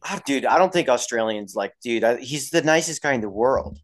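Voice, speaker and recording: A young man co-hosting a casual motorsport podcast, animated and quick to swear and laugh. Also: medium pitch. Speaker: podcast co-host. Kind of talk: casual chat.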